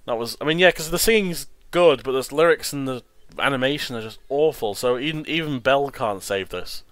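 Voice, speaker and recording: Man, casual movie commentary, animated, laughing, restarts, dry recording. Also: mid-range voice, brisk, dry recording. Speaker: host.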